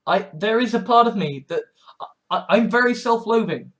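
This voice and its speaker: A man in his twenties in a rambling vlog monologue, halting and sardonic, with many restarts. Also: high-pitched, expressive, fairly bright tone. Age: 20s. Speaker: vlogger.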